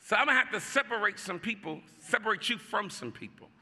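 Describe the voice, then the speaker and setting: A male pastor preaching a sermon, urging the congregation to respond out loud and shouting his exhortations. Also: high voice, expressive, fast, in a large hall. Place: church sanctuary.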